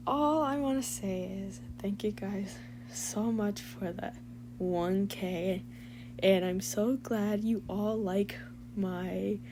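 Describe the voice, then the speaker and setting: A woman's voice: mid-range voice, background noise. A young woman who makes fan voice-overs, chatting casually with her viewers in a gushing, emotional, rambling way. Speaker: fan voice-over creator.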